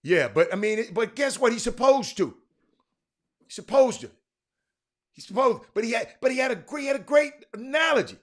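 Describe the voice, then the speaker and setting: A man hosting a casual livestream talk show, rambling and excitable, with lots of fillers and restarts. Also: extremely high pitch, fairly quick. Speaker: livestream host.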